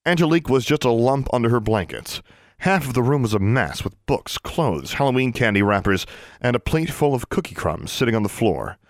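Man, audiobook narration, lively intonation, dry close recording. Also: mid-range voice, a little fast, no echo. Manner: expressive storytelling. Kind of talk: scripted narration.

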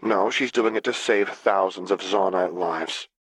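A man's voice: deep voice, a little slow, husky, dry recording. A man voicing a stern young swordswoman. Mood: soft.

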